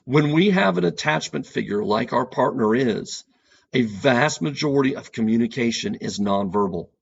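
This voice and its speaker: A man's voice: mid-range voice, animated, normal speed, gravelly, slightly rough, muffled recording. A man speaking as a couples therapist on an educational podcast, earnest and repeating key points for emphasis.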